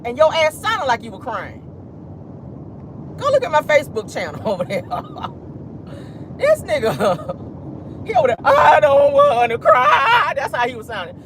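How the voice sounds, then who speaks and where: A woman's voice: high voice, background noise. A woman hosting a celebrity gossip commentary show, blunt, sassy and profane, calling listeners "child" and "baby".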